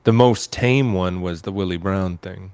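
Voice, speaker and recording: A man co-hosting a casual podcast chat, reading out headlines in a hesitant, halting way with frequent restarts. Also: low-pitched, darkish tone, clean tone, no echo. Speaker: podcast co-host.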